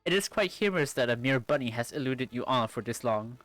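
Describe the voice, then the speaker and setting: A woman's voice: lively intonation, brisk, soft background music. A streamer voicing a haughty, refined young woman in a visual novel, talking pompously. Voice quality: pompous, high and shrill when upset. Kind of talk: visual novel read-aloud.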